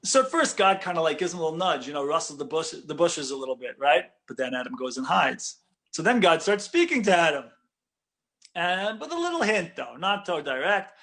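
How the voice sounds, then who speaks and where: A man with a high, bright-toned voice teaches a Torah lesson like a rabbi talking to a room of friends. He is conversational and animated, stopping often to ask "right?" and restarting his sentences as his thoughts race ahead. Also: fast. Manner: conversational, with frequent "right?" check-ins and restarts.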